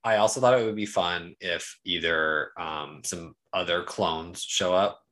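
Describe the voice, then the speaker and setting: A man's voice: sits low, measured pace, fairly bright tone. A man in a casual podcast chat, rambling and hedging as he thinks aloud. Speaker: podcast co-host.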